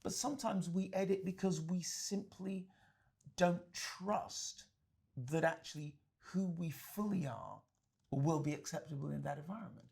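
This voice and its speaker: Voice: mid-range voice, measured pace, creaky, a little mellow, husky. A guest on a podcast interview, explaining ideas reflectively and restarting phrases as thoughts form. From Britain.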